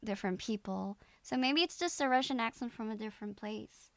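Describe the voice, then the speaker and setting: A woman's voice: fairly high pitch, a little fast, a bit bright, slight background noise. A young woman from the Netherlands, a native Dutch speaker, chatting casually on a live stream in a rambling, giggly way full of filler words.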